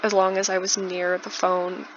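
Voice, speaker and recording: A woman's voice: on the low side, monotone, normal speed. A young woman in her twenties telling a casual storytime while doing a building game, chatty with lots of likes and restarts. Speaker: YouTuber. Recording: dull lo-fi, faint noise.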